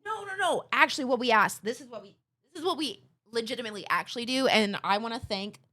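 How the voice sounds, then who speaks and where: A woman livestreamer chatting casually to her viewers, telling stories with playful impressions and swearing freely. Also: a little high. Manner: animated storytelling with playful impressions. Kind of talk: casual chat to a live stream chat.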